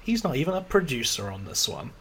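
Lively, wry male podcast host. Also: mid-range voice, fast, crowd noise. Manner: wry, jokey, laughs often. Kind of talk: casual film podcast chat.

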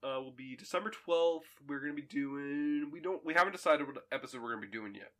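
A young man co-hosting a podcast, telling stories in an animated, laughing way. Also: a little high, fast talker, faint music behind. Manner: animated and laughing, bursts of energetic storytelling. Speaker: podcast co-host. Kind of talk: casual chat.

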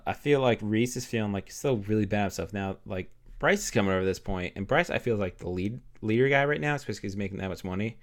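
A young man with a fairly low voice co-hosting a casual podcast. He makes up silly stories as he goes, full of "uh" and "like" and the odd curse. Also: clear, resonant tone. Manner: rambling, improvised storytelling with lots of fillers and swearing. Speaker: podcast co-host. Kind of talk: casual comedic chat.

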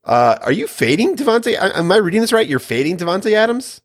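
A man co-hosting a fantasy football podcast, hoarse from illness, teasing his partner with mock formality. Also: high-pitched, very animated, fairly quick. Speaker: podcast co-host.

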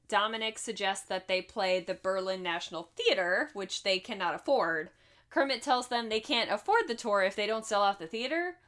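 A woman's voice: mid-range voice, expressive, normal speed, a bit bright. A woman co-hosting a podcast, breezily recapping a film plot with frequent laughs and swearing. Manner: breezy, profane, laughs often. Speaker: podcast co-host. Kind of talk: casual movie recap chat.

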